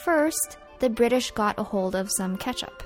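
Her voice is a little high and animated, moving at normal speed. She co-hosts a food history podcast, reading scripted facts in turns with her partner in an upbeat manner as faint music plays beneath.

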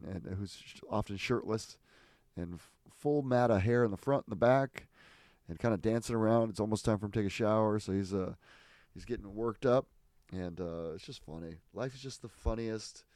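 A man's voice: on the low side, normal speed, darkish tone, no room sound, clean studio sound. A man chatting casually as a podcast co-host, telling stories in a rambling, amused way, restarting and interrupting himself. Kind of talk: casual chat.

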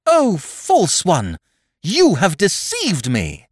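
A man voicing a naive young gentleman of twenty-one, formal, precise and stiffly polite. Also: mid-range voice, huge pitch swings, unhurried, no echo, studio quality. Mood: indignant.

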